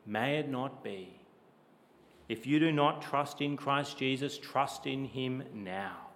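A man preaching a sermon with emphatic rhetorical questions, his delivery rising loud and then dropping low. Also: slow, long reverb tail.

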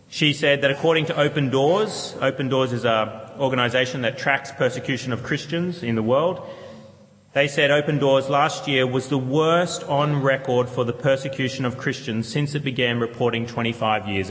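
A pastor delivers his sermon in an earnest, measured way, often repeating short phrases and posing questions to the congregation. His voice sits at an ordinary middle pitch. The sound carries a long reverb, as in a large church. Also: fairly bright tone. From Australia.

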